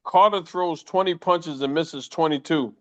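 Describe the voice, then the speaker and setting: An older American former boxer, a guest in a casual interview, swaps stories and swears a lot. He tells profane, animated anecdotes with quoted voices in a kinda high voice at a measured pace. The audio is muffled and lo-fi.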